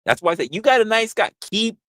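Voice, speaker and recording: A man's voice: high voice, very animated, fast talker, a bit bright, no room sound. A man hosting a livestream in casual chat, rambling, crude and joking, repeating his phrases into a close mic. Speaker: livestream host.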